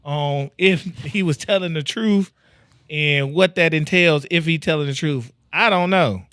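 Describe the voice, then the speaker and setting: A man's voice: fairly high pitch, a little slow, fairly bright tone, clean tone, no echo, studio quality. A young man, hosting a podcast in casual chat, joking, laughing often and retelling stories. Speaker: podcast host.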